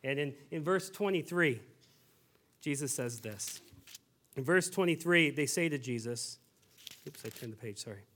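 A male pastor in his thirties delivering a sermon, his voice sitting a bit higher than most men's. He tells stories in a conversational, animated way. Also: normal speed, pauses often.

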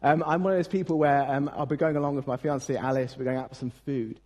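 A man's voice: mid-range voice, steady tone, fast talker, darkish tone. Chatty young man preaching. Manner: chatty, self-mocking storytelling with frequent fillers. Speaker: pastor. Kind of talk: Christmas carol service sermon. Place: church service.

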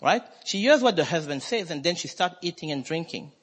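A male preacher with a fairly high, husky voice delivers a sermon with emphatic swings in his delivery. He speaks in a church hall, and a long reverb trails his words. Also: animated, a little fast. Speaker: pastor.

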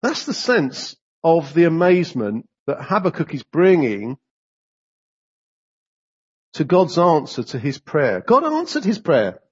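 Male preacher delivering a sermon: husky, high-pitched, dull lo-fi recording. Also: slow pace. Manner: animated, rising sharply when voicing complaints to God.

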